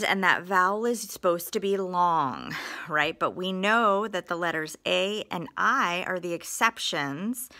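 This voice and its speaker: A woman's voice: lowish voice, bright, forceful tone. A woman teaching phonics in a recorded lesson, patient, stretching out example words and sentences.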